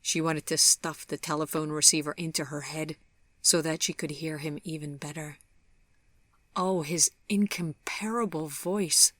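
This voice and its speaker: A woman narrating a storybook in a measured, softly dramatic way, sometimes dropping to a whisper. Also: deep voice, level tone, no echo. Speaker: audiobook narrator.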